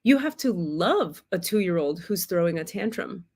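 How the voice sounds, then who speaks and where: A woman giving a casual spiritual teaching on a livestream, frank and expressive, swearing freely and playing out the voices of a child and a parent. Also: fairly low pitch, a little slow.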